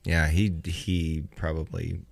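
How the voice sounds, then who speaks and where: Very deep man, dry studio sound. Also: little pitch movement, slow pace, gravelly, no echo. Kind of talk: casual chat.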